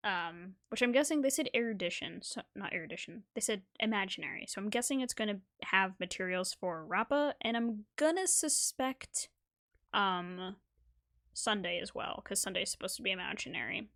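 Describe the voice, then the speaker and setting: A woman's voice: mid-range voice, expressive, normal speed, a bit bright. A woman in her twenties, a gaming creator giving casual reaction commentary, giggly and rambling, talking into a desk mic.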